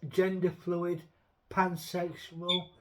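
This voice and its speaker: A man's voice: sits high, completely flat delivery, very slow. A man, hosting a casual chat and ranting bluntly with plenty of swearing and rambling restarts. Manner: blunt, profane, rambling rant. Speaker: show host.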